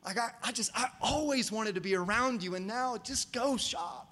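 Male pastor, high-pitched, animated and joking, live sermon to a church crowd. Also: moderate pace, hardly any pauses, a little hiss or hum. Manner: animated and conversational, jokes with the congregation. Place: church auditorium before a congregation.

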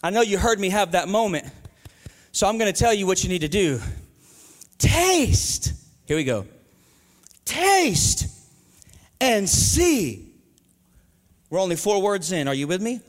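Male pastor, high voice, energetic call-and-response sermon, live church hall reverb. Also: fast. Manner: energetic, call-and-response preaching with southern slang. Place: church sanctuary.

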